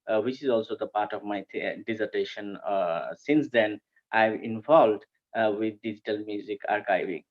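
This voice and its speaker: A man, presenting a conference paper and pausing often with fillers and restarts. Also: lowish voice, muffled recording. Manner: hesitant, frequent fillers and restarts. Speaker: academic presenter.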